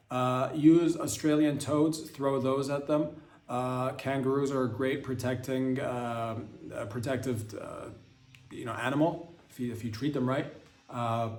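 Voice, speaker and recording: A man's voice: mid-range voice, a little mellow. A man hosting a podcast, rambling through a crude comedic monologue full of stumbling restarts. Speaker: podcast host. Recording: roomy echo.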